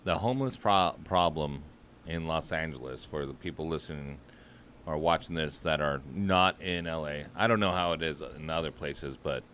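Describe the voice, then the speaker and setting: A man's voice: very deep voice, normal speed, a bit bright, a little hiss or hum. A man co-hosting a radio show, chatting casually with crude, profane banter. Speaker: co-host. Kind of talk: casual chat.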